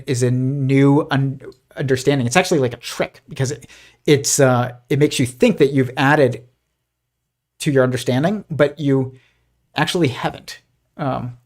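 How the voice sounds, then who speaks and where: A man hosting a live stream, talking in a rambling, argumentative way, with frequent restarts and fillers, dismissive of the ideas he discusses. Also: medium pitch. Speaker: host.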